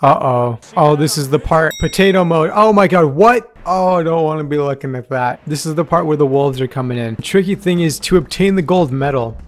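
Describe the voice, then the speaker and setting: A man giving excitable let's play commentary, laughing and exclaiming often as he plays. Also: fairly high pitch, a little hiss or hum. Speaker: gaming YouTuber.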